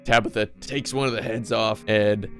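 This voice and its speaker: A man's voice: fairly low pitch, steady tone, normal speed, faint music behind. A young man rambling and joking through a casual comedic recap, with frequent restarts. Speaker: commentator recapping an episode.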